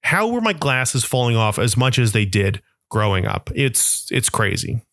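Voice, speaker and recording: A man's voice: medium pitch, big pitch swings, a little slow, a bit bright, no room sound, studio quality. A young adult man hosting a podcast, telling rambling, self-mocking comic stories in a monologue. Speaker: podcast host.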